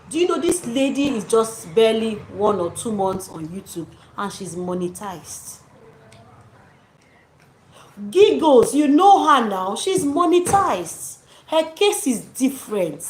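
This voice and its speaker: A woman's voice: a little high, sing-song, unhurried. Encouraging woman in an echoey room. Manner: encouraging, preachy, addresses viewers as dearies and sis. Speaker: YouTube channel host. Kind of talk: casual motivational talk to viewers. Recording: echoey room with faint noise.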